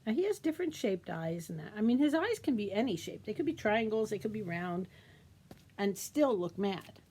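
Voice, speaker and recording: A middle-aged woman, a children's librarian, leading a storytime craft demo for kids, talking in a gentle, sing-song, teacherly way and asking the little ones questions. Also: mid-range voice, big pitch swings, normal speed, breathy edge.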